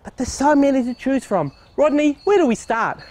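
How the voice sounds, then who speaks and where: Man, comic sidekick: very high, bouncy voice, eager and silly. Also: lively intonation, normal speed, darkish tone. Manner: goofy, eager, asks naive questions. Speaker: comic co-presenter. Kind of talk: playful tongue-in-cheek banter. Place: outdoors at a plant nursery.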